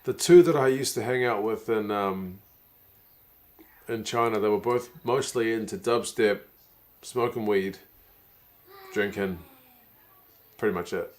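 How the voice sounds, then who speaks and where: Speaking in a lowish voice, a man reads viewer comments out loud during a casual live stream and reacts to a rugby game. He's a little slow, leaving long pauses, yet chuckles frequently and gets excited when big plays happen.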